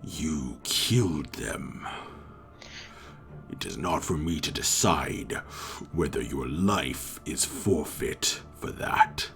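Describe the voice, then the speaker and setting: A man's voice: very deep voice, expressive, fairly bright tone, soft background music, voice pushed down, heavily acted. A man voicing a cold, stern guard. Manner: cold, accusing, slow and grave. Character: stern male human guard of a holy order.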